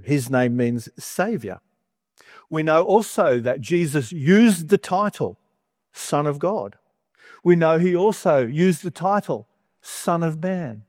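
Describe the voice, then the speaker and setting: A man's voice: a little high, a little mellow, no room sound, clean studio sound. A man giving a conversational sermon, chatty and wry, with humorous asides between scripture readings. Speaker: preacher.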